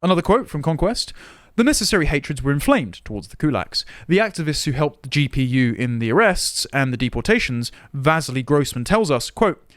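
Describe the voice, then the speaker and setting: A man's voice: fairly high pitch, sing-song, brisk, a bit bright, no room sound, studio quality. A man giving political commentary in a podcast, sardonic and reading long quotes aloud.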